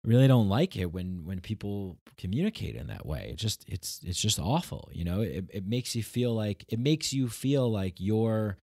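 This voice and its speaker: A man with a lowish voice talks through a personal story on his solo podcast, rambling and restarting, slipping into quoted lines as he goes. The sound is dry and close to the mic. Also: sing-song, normal speed, vocal fry, few pauses, a little mellow, slightly rough, no room sound. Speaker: podcast host. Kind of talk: casual storytelling monologue.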